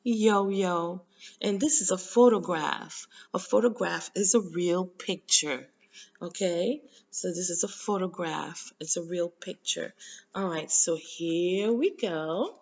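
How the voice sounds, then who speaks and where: A woman with a Haitian accent leads a children's phonics lesson. She talks slowly and drills each sound in a sing-song call-and-response. The recording is dull and lo-fi. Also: lowish voice. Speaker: teacher.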